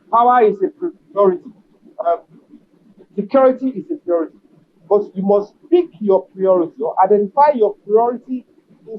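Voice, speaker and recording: A man, a business association leader, answering an interview question in a measured, emphatic way and repeating key phrases. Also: high voice, phone-quality sound, slight background noise.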